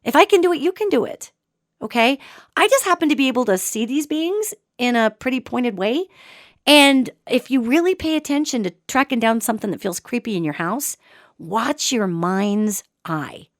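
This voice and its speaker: A woman hosting a show and telling a story in an animated, dramatic way, with sudden swings between loud and soft. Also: fairly high pitch, moderate pace, no room sound, clean studio sound. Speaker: podcast host and psychic. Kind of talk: storytelling monologue.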